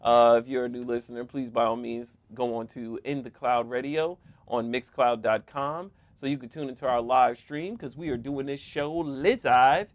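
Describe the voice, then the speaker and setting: A man's voice: mid-range voice, fairly even intonation, moderate pace, few pauses, no room sound. A man co-hosting a casual podcast, joking around and laughing often as he talks. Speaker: podcast co-host. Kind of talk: casual chat.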